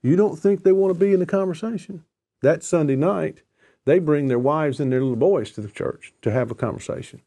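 Warm-voiced man telling earnest stories. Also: fairly high pitch, fairly quick. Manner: earnest storytelling, repeats phrases for emphasis. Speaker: discussion guest. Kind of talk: conversational theology discussion.

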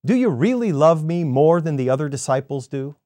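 A man voicing a calm, patient male teacher who speaks in a measured way, in a scripted sermon reading. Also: a little high, no room sound, clean studio sound, close to an everyday voice. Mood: gentle questioning.

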